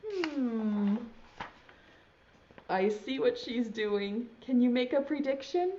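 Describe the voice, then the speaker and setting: A woman's voice: a little high, expressive, slow pace, dark tone. A woman teaching preschool online, reading a storybook aloud in a sing-song voice and talking straight to young children. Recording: dull lo-fi sound.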